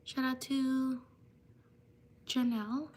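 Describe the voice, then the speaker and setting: Woman streamer, soft and mellow, reads names slowly; faint hiss behind. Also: high-pitched. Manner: slow, even reading of viewer names. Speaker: livestream host. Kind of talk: live stream shout-outs.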